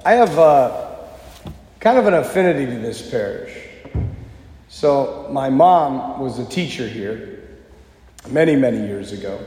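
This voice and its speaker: A man in his thirties, a pastor preaching a sermon, telling a personal story in a relaxed conversational way with self-deprecating humor. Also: medium pitch. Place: church. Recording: echoey church with long reverb.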